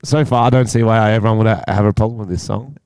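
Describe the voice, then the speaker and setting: An Australian man co-hosting a comedy podcast, laughing often and swearing casually in relaxed chat. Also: fairly low pitch, quick pace, smooth, dry recording. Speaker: podcast co-host.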